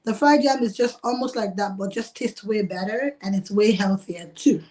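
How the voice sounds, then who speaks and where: A woman's voice: medium pitch, normal speed, a little mellow. Woman restaurant owner, casual and giggly, talks on a video call. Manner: chatty, laughs often, uses "like" a lot. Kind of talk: casual interview.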